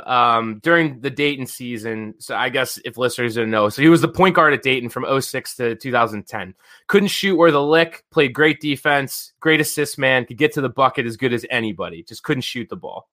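A man in his thirties hosts a podcast with a bright, forward voice. He tells stories loosely and animatedly. He swears freely and fills his talk with casual fillers. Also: medium pitch. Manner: animated, profane, lots of "like" fillers. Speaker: podcast host. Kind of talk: casual storytelling chat.

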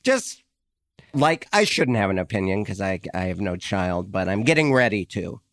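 A man's voice: lowish voice, big pitch swings, moderate pace, fairly bright tone, no room sound. Man, podcast co-host, laid-back, joking asides, dry close sound. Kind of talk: casual podcast chat.

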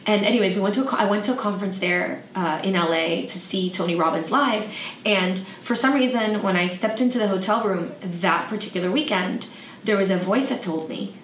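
A woman hosting a podcast, telling a personal story in a soft, reflective way with frequent fillers. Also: mid-range voice, brisk. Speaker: podcast host. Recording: echoey room, slightly distant mic, faint noise.

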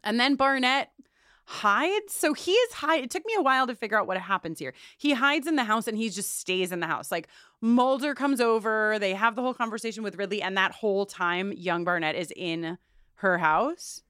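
A woman's voice: medium pitch, normal speed, clean tone, no echo, clean studio sound. A woman co-hosting a podcast, recapping a TV episode in casual chat, swearing freely and acting out lines from the show. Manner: swears freely, animated retelling with quoted lines. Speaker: podcast co-host.

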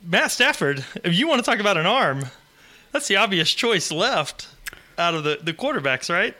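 A man's voice: high voice, moderate pace. A man co-hosting a sports podcast in casual chat, eagerly retelling a moment from a group text. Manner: animated, laughing storyteller. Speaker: podcast co-host.

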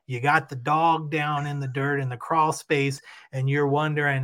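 A man co-hosting a sports podcast, reading a sponsor ad with playful, animated comic exaggeration. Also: on the high side, moderate pace, few pauses. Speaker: podcast co-host. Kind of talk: playful ad read.

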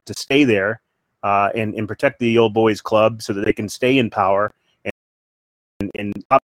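Halting, emphatic man in dry sound. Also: mid-range voice, no room sound, poor audio. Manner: halting, many restarts and fillers; emphatic, repeats points. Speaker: interview guest. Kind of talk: casual political talk.

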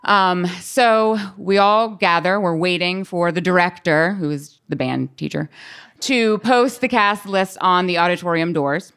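A woman tells a story from her school days to an audience, slipping into voices for the people she quotes and laughing along. Her voice sits a little low and comes through smooth and clear. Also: unhurried, fairly bright tone. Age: adult. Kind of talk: live storytelling.

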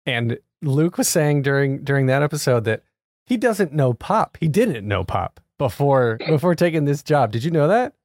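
A man hosting an interview, curious and enthusiastic, quick to laugh with his guest. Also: on the high side, very animated, darkish tone, no echo, studio quality. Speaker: podcast host. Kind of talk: casual interview chat.

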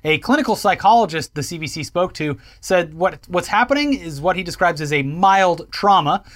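A man with a notably high voice co-hosts a comedic news chat. He talks in a wry, hesitant way, pausing on fillers as he sums up the news. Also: lively intonation, fairly bright tone. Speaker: co-host.

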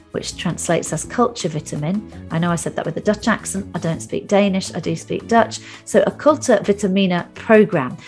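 A woman's voice: on the low side, darkish tone. A woman hosting a podcast, making wry joking asides between questions and in her outro. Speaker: podcast host.

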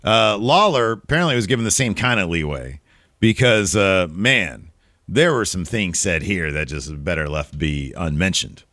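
A man co-hosting a casual wrestling review podcast, animated and profane, with quick asides. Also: low-pitched, no room sound, studio quality. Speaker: podcast co-host.

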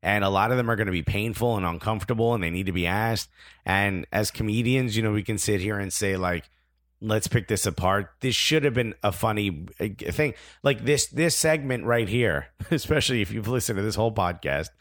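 A man's voice: lowish voice, brisk, a bit bright, no echo, studio quality. A man co-hosting a podcast in casual chat, earnest and emphatic, with some self-deprecating humor. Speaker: podcast co-host.

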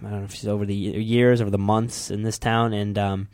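A man's voice: lowish voice, level tone, quick pace, darkish tone, no echo, clean studio sound. A man co-hosting a casual talk show, telling teasing stories in a chatty way. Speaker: co-host. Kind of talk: casual podcast banter. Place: studio.

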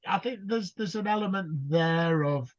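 A man's voice: a little high, moderate pace, highs cut off. A man, a professional speaker, chatting casually and rambling with many restarts. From United Kingdom. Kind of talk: casual podcast chat.

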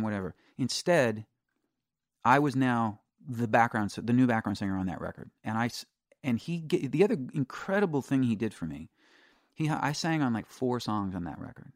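A man's voice: mid-range voice, expressive, moderate pace, no echo, clean studio sound. A middle-aged man, a singer-songwriter guest, telling candid stories in a casual interview, restarting sentences and swearing freely.

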